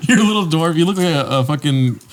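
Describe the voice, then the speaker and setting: Quick, lively young podcast host. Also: male voice, fairly high pitch. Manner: teasing, laid-back slang. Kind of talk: casual chat.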